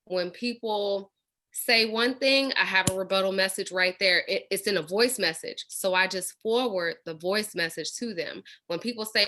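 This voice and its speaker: An enthusiastic woman shares coaching tips over a video call. Her tone is bright and crisp with a cutting edge. She stresses her points with energy. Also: medium pitch, moderate pace, slight background noise. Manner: enthusiastic, emphatic. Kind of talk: casual coaching talk.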